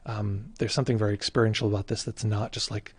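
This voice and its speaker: A man speaking as a meditation teacher in a casual livestream talk, reflective and halting with many fillers and restarts. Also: on the low side, little pitch movement, slightly rough, no echo.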